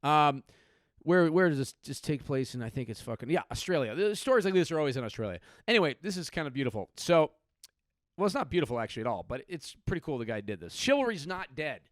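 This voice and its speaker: Man hosting a comedy podcast, lively swooping pitch, slightly high voice, dry close sound, profane riffing. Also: fast talker, no echo. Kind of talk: comedic news commentary podcast.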